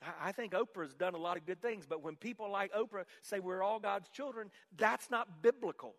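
Pastor guy preaching, voice up high, drops quiet then shouts, lots of hall echo. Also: moderate pace. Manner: swings from hushed to shouted emphasis; leads call-and-response with congregation. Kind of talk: sermon. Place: church sanctuary.

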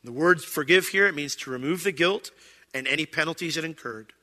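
A man's voice: on the high side, fairly quick, sharp tone, long reverb tail. A man preaching a sermon as a pastor, in a conversational way, acting out quoted voices.

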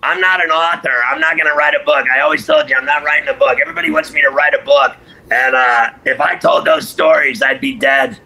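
A man with a gravelly, very bright voice that swings lively up and down. He talks in a loose, boisterous, teasing way, joking through casual chat. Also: fairly high pitch, fast talker, rough recording.

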